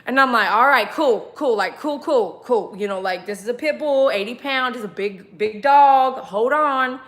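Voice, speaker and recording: A woman groomer telling a lively story to her livestream viewers, acting out the dialogue and laughing often. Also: normal speed. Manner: animated, laughing, acts out dialogue with big pitch jumps.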